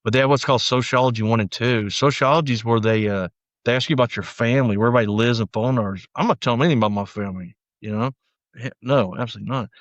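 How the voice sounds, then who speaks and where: A man's voice: medium pitch, rapid-fire, dry recording, highs cut off. A man as a podcast guest, telling his story bluntly in a rambling, casual way with lots of fillers. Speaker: podcast guest, former sheriff's deputy.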